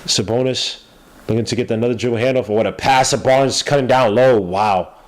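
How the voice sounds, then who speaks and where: Podcast host, male, mid-range pitch, stuffy nose, loose rambling play-by-play. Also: brisk. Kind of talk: casual live game commentary.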